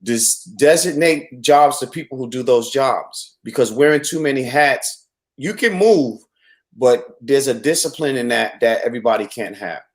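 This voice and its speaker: A man's voice: mid-range voice, expressive, moderate pace. A man, the host, speaking in an earnest, reflective way with frequent restarts. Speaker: host and venue owner. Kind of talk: casual chat.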